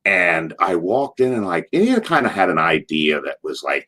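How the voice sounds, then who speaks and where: A middle-aged man, a former wrestler, telling stories in an interview, rambling through asides and acting out what people shouted. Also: sits low, breathy edge. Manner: animated, acts out quotes in a loud, drawn-out voice. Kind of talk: casual anecdotal storytelling.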